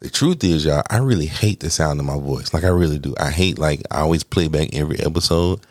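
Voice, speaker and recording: This is a man with an extremely deep voice, the kind people tell him belongs on the radio. He hosts his own podcast and chats in a loose, rambling way, poking fun at himself, laughing between phrases and swearing freely. The sound is dry and close, with no room around it. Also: brisk, darkish tone, dry recording. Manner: candid, rambling, self-deprecating. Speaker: podcast host. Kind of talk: casual solo podcast chat.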